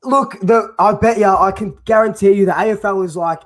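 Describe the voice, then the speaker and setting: An Australian man with a high voice hosts a loose footy chat, a bit tipsy after some wine. He swears freely and trips over his words in his excitement. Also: brisk, few pauses. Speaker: show host.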